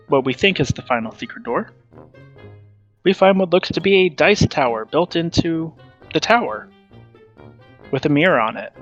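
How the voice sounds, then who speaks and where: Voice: mid-range voice, a bit bright. A player giving a playful, punchy recap of the last tabletop session, stressing beats for effect. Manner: punchy, repeats "bam" for effect. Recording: dull lo-fi audio with faint music.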